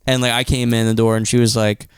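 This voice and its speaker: A man's voice: medium pitch, flat delivery, fast talker, smooth, dry recording. A man hosting a podcast, chatting casually and packing his talk with fillers. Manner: filler-heavy, lots of "like". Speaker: podcast host. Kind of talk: casual chat.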